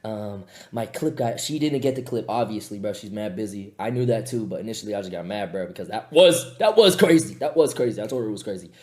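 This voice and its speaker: A man's voice: on the low side, animated, fast talker, hardly any pauses, a little mellow. A man chatting casually and loosely on a stream.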